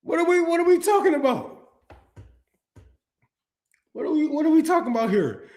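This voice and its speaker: Heated, high-voiced man ranting. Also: big pitch swings. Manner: heated, profane, rapid restarts and repetitions; swings from loud outbursts to low muttering. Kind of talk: ranting monologue.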